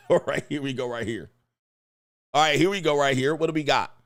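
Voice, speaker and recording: A man's voice: medium pitch, normal speed. A middle-aged man hosting a casual livestream, telling a story with slang and laughter and reading viewer comments aloud. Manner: animated, laughing, slangy, reads chat aloud. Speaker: livestream host.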